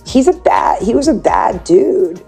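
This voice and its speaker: A woman's voice: mid-range voice, sing-song, measured pace, vocal fry, warm tone, breathy edge, faint music behind. A woman guest in an interview, telling a personal story in a chatty way, full of "like" and acted-out quotes. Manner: chatty, peppered with "like", acts out quoted speech.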